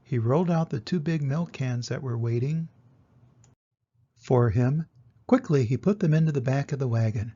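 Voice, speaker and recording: Husky grandfather reading a storybook. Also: medium pitch, moderate pace, highs cut off. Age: older. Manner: gentle, expressive. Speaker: storybook reader. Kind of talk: reading a children's book aloud.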